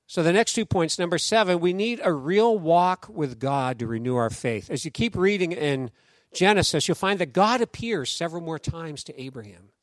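A man preaching a sermon in a conversational, animated storytelling way, acting out quoted voices. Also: a little high, normal speed, no room sound, studio quality. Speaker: pastor.

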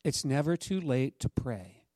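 A man's voice: mid-range voice, measured pace, no echo. A man preaching a sermon as pastor, telling a story and urging the congregation to respond. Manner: exhorting the congregation, lively call-and-response.

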